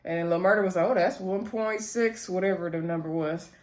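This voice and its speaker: Woman reviewer, casual episode recap, chatty and quick to laugh. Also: lowish voice. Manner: chatty, retells scenes quoting characters, laughs often.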